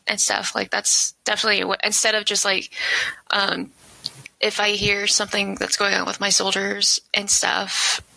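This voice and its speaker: A woman co-hosting a casual podcast chat, who swears freely and acts out quotes loudly when telling stories. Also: medium pitch, flat delivery, normal speed, gravelly, dry recording, rough recording. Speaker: podcast co-host.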